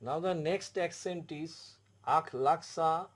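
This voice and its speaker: Man, Indian English accent, French tutor, slow deliberate teaching, fairly high voice, repeats and spells letters. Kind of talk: classroom explanation.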